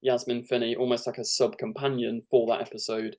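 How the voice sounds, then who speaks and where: Young male guest, mid-pitched, keen, mimics lines as he talks. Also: flat delivery, fairly quick, darkish tone. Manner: enthusiastic, acts out imagined lines. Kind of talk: casual fan discussion.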